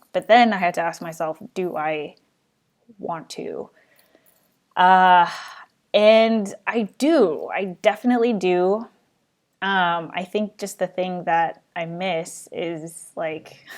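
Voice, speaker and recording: A young adult woman hosting her own live show, chatting casually and rambling as she answers viewer questions. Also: lowish voice. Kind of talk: casual live-stream chat.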